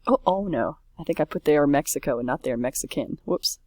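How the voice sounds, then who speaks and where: Low-voiced woman teacher going over french homework, chatty, fixing her own slips, dry close sound. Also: lively intonation, fast, darkish tone, no room sound. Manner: chatty, self-correcting, says oops often. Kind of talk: casual worksheet walkthrough.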